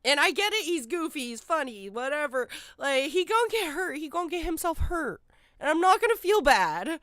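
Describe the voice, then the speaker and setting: A woman's voice: high-pitched, sing-song, moderate pace, fairly bright tone, no echo. A woman streaming live, reacting to a video with blunt, profane, sarcastic commentary into a close mic.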